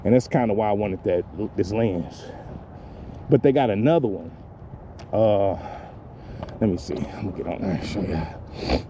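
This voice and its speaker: Filming himself on a handheld phone during a walk in a lakeside park, a father vlogs casually with long pauses, a fairly low voice, and a moderate pace. He rambles, swears, and laughs at his own jokes while background noise carries through.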